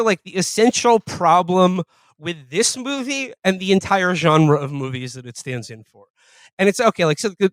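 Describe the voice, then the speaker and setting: A man's voice: sits high, no echo. A man co-hosting a comedy podcast, riffing sarcastically in casual chat. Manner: riffing, sarcastic, slips into mock voices. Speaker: podcast host.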